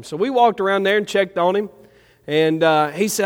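A man's voice: sits high, normal speed, in a large hall. A male pastor preaching a sermon, telling a homey story full of fillers before leading a prayer. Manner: folksy, meandering, warm storytelling with many fillers. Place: church sanctuary.

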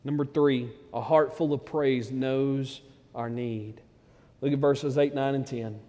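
A man preaching a sermon, talking plainly to his flock, then building to loud, excited peaks. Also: mid-range voice, slow, in a large hall. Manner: conversational preaching that swells to loud, excited climaxes. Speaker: pastor.

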